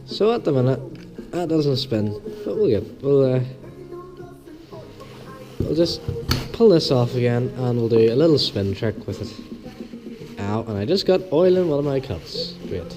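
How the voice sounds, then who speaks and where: A man with a hoarse voice from the flu, hosting a casual step-by-step engine repair tutorial, chatty and homely, repeating small instructions. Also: mid-range voice, sing-song, measured pace, long pauses, music in the background, poor audio. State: hoarse, losing his voice with flu. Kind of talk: casual step-by-step workshop demonstration.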